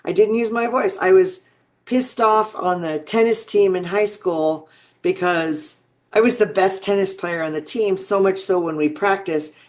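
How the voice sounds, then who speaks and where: A woman in her sixties, an interview guest telling personal stories in a reflective, earnest way, often restarting sentences. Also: fairly low pitch. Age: 60s. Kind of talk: personal storytelling.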